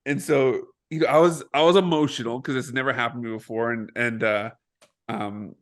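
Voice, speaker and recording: A young man on a podcast telling a self-mocking story in an animated way, swearing and laughing as he goes. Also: mid-range voice, brisk. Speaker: podcast co-host. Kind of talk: casual storytelling.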